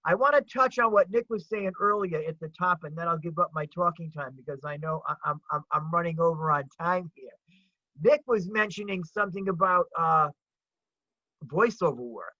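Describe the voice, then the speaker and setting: Older Rhode Island comic on a dull, dry video call, high and bright, emphatic storyteller. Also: male voice, normal speed, no echo. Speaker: comedian guest. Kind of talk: casual chat on a video call.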